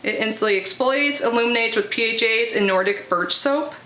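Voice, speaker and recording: A woman's voice: a little high, fairly quick, pushed and bright. A young woman in casual unboxing chat, chatty and full of filler words as she reads out product blurbs. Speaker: unboxing vlogger. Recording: echoey room with faint noise.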